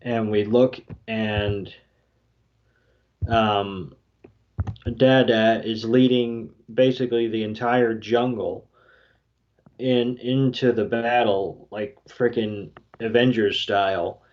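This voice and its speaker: Podcast co-host, male, unhurried and rambling, slightly low, muffled home recording. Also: fairly even intonation. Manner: slow, filler-heavy retelling with quoted lines. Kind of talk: casual podcast recap. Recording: dull lo-fi podcast audio.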